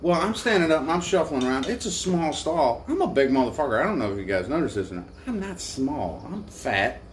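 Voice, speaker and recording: A man's voice: fairly high pitch, big pitch swings, fairly quick. A tired man casually telling a crude, profane, self-mocking story from his motorcycle trip, with a faint background hiss. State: tired from little sleep. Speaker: motorcycle travel vlogger.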